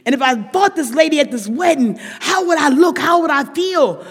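A middle-aged woman telling a dramatic story at a recovery meeting, talking straight to the crowd and swinging between loud outbursts and hushed asides. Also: high-pitched, animated, moderate pace. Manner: chatty, addresses listeners directly. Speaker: speaker sharing at a recovery meeting. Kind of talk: storytelling share to a live audience. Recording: long reverb of a large hall.

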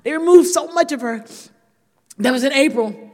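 A woman's voice: high-pitched, normal speed, darkish tone. Woman speaker at a recovery meeting; raw, emphatic share addressed to the room; long hall reverb. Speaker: speaker sharing a recovery story.

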